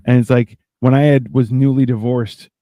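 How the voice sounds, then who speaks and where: A man's voice: mid-range voice, fairly even intonation, moderate pace, dark tone, dry recording. A man co-hosting a podcast in casual chat, a rambling storyteller who acts out other people's lines. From Canada. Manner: rambling storyteller, acts out quotes in raised voices. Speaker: podcast co-host.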